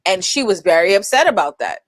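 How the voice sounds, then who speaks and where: A woman's voice: medium pitch, very animated, brisk, no room sound. Blunt opinionated woman co-host. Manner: blunt, opinionated, laughs often. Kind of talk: casual podcast chat.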